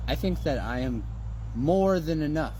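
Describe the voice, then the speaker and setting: A man delivers a motivational monologue at a slow, deliberate pace, his somewhat high voice leaping up and down as he presses each point. He talks in an emphatic, preachy way, firing off rhetorical questions and the odd curse. Faint vehicle noise hums behind him. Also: lively intonation, darkish tone.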